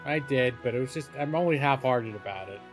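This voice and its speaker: A man chatting casually on a late-night game stream. He rambles, blames himself, and keeps his voice hushed after being shushed. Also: medium pitch, a little fast, soft background music. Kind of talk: casual live-stream chat.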